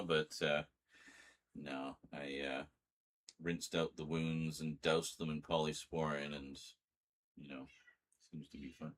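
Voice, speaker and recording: Middle-aged male vlogger, low voice, unhurried, rambling home chat. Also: slight background noise. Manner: relaxed and rambling, slipping into a high sing-song voice to talk to his cat. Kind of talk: casual chat to camera.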